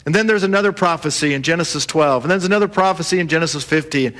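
Male pastor with a high voice. Lively sermon delivery, acts out the quoted voices. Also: very fast.

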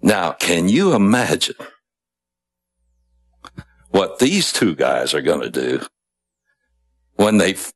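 A man's voice: low-pitched, sing-song, slow pace, long pauses, husky. A man preaching a sermon, retelling a story in a conversational way with asides and small chuckles.

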